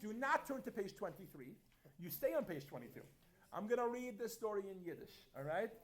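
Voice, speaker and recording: A man teaching a Yiddish class in a classroom, lively and quizzing his students as he reads and explains phrases. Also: high-pitched, fairly quick. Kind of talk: classroom lesson.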